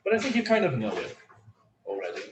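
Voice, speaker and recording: Fast and a little high, this man's voice swings hugely in pitch while he runs an online English class. Chatty and filler-heavy, he leads students through phrases to repeat, recorded with roomy echo and faint background room noise.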